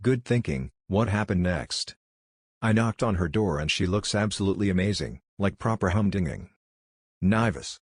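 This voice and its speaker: A man reads one joke after another in a flat, deadpan manner. His voice sits very low. The recording is close and dry, with no room sound. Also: normal speed, no room sound. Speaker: joke narrator. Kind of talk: reading jokes aloud.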